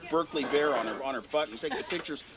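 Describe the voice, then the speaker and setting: A man's voice: a little high, fast. A man telling an outrageous joking story, building it up step by step. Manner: joking, building a tall tale. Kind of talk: animated anecdote. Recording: crowd chatter behind.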